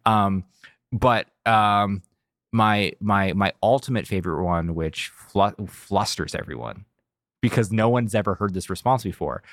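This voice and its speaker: A man's voice: lowish voice, unhurried, fairly bright tone, no room sound, studio quality. A young man chatting casually on a podcast, rambling with lots of restarts and fillers. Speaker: podcast co-host, instructor. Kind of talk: casual chat.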